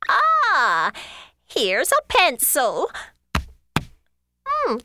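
A woman voicing a flustered, forgetful female rabbit in a children's educational audio story, dithering with drawn-out sighs. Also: high-pitched, wildly swooping pitch, bright, forceful tone, no echo, exaggerated voice. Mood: fretful. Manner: dithering, sighing, drawn-out exclamations.

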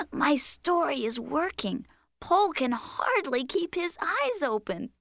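Lady voicing a playful cartoon critter telling a bedtime story, high swoopy voice, dry close sound. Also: big pitch swings, slow, creaky, fairly bright tone, no echo, exaggerated voice. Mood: patient. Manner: sing-song, exaggerated storytelling, coaxing. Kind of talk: children's cartoon voice acting.

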